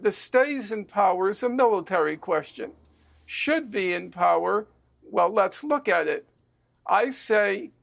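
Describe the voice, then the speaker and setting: A man speaks as a guest in a heated televised debate. His delivery is unhurried and gravelly, with a rough fry under the words. He keeps pressing the host, insistent and deliberate. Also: high voice, a bit bright.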